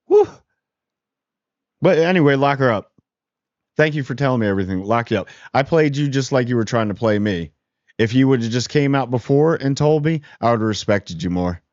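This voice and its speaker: Casting note: a loose, slangy male reviewer, mid-pitched, recorded dull and dry. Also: no room sound. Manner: slangy and animated, acts out character quotes. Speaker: TV review host. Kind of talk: casual spoiler review.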